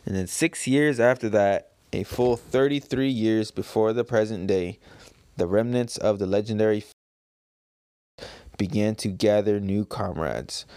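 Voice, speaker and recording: A man's voice: fairly low pitch, dark tone, clean tone, no room sound. A man casually reading through a comic and describing its pages, with loose, filler-laden talk. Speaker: comic reader, video host.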